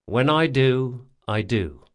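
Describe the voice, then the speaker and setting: A man puts on a wily young thief with a sardonic bite, pitched a touch higher than the narration. His retorts come quick and dry, with plenty of swing in the pitch. It is a stubborn rogue from an audiobook. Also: lively intonation. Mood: tender wry. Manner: wry, quick-witted retorts. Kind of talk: audiobook character voice.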